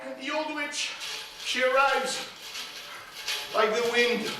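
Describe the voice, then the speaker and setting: A man telling a folk tale on stage in a high-pitched voice, swinging into rhythmic, chanting repetitions. He sounds far from the mic in a booming, echoey theater. Live music plays along. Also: slow. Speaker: storyteller. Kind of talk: live storytelling performance.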